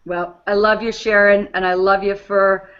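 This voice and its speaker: A woman's voice: mid-range voice, level tone, moderate pace, smooth, highs cut off. A woman with a New England accent hosting a team call, upbeat and encouraging. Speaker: host.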